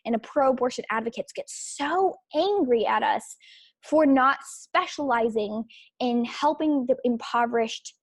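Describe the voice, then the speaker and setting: A young adult woman delivers an opinion podcast monologue in a slightly high voice. She presses her points with repetition and stumbling restarts. The sound is close and dry, with no room around her. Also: breathy edge, dry recording. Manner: emphatic, repetitive, with filler restarts. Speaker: podcast host.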